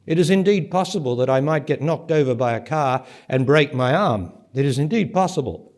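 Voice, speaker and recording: A man giving a spiritual talk to a live audience at a conference centre, speaking emphatically, asking rhetorical questions and building to forceful peaks. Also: a little high, expressive, a little fast. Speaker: spiritual teacher.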